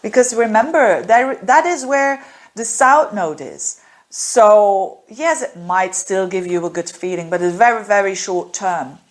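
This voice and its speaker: A woman's voice: mid-range voice, lively intonation, unhurried. A woman, a native Dutch speaker, reading monthly horoscopes as an astrologer, earnest and encouraging, with many fillers and restarts.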